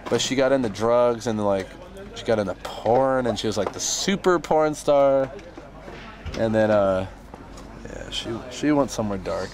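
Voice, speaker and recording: A man's voice: medium pitch, unhurried, crowd noise. Rambling, cursing man telling a road story. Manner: rambling, profane, laughing at his own story. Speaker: band member on tour. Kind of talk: casual storytelling.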